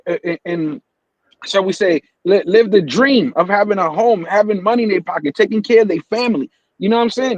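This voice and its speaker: A man's voice: high voice, no echo, highs cut off. A man hosting a casual live-stream morning show, ranting heatedly and swearing often. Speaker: host.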